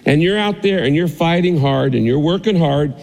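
A man's voice: a little high, moderate pace, gravelly, a little mellow. A male pastor preaching a sermon, telling a vivid story with repeated, building phrases, recorded in a church. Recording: long hall reverb.

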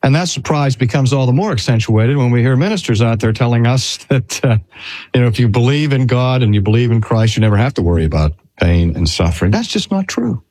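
An older man preaching a sermon in a slow, earnest way with drawn-out emphasis. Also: mid-range voice, lively intonation, a little mellow. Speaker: pastor.

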